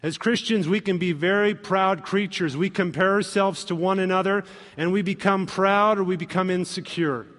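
High-voiced preacher in a reverberant hall. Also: male voice, normal speed. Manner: animated, acts out quoted voices with humor. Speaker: pastor. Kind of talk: sermon.

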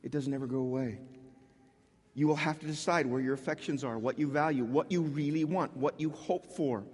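A man preaching a sermon as a pastor, talking in a conversational way with frequent restarts and animated asides. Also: fairly high pitch, a little fast, breathy edge, long reverb tail.

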